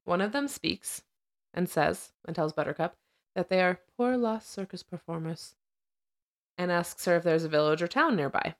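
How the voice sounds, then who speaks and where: A chatty woman podcast host with a slightly low voice, retelling movie scenes and trivia between easy laughs. She talks casually, like she's chatting with a friend. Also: normal speed. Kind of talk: casual chat recapping a film.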